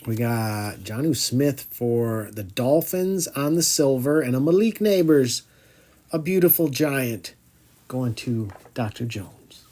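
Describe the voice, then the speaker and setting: A man's voice: medium pitch, slow, a little mellow. A man hosting a live card break, chatting as he calls out each card and groaning when a pack comes up empty.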